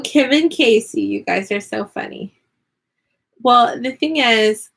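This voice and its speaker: A woman's voice: medium pitch, vocal fry, fairly bright tone. Chatty, giggly woman crafting at home. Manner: chatty, giggly, rambling with fillers. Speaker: vlogger and online teacher. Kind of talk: casual live craft chat.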